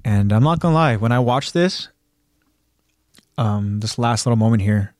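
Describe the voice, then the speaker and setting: A man's voice: medium pitch, lively intonation, normal speed, darkish tone, no echo, clean studio sound. A man hosting a podcast, plainly retelling an anime episode with fillers. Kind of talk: episode recap narration.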